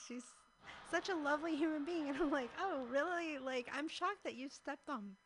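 A woman guest in a casual chat, chatty and quick to laugh, with faint noise behind. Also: high-pitched.

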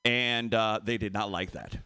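A man doing a stand-up comedy set, animated and laughing at his own jokes. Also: fairly low pitch, unhurried, clean tone, dry recording.

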